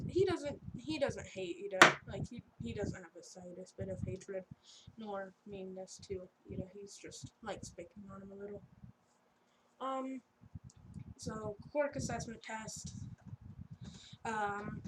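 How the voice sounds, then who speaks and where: A woman's voice: mid-range voice, measured pace. A woman casually telling a fan story in a rambling, off-the-cuff way with joking asides. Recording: steady background noise.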